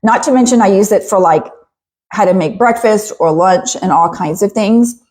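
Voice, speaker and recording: A middle-aged woman hosting a podcast in a casual, chatty monologue, animated and laughing often. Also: mid-range voice, moderate pace. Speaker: podcast host.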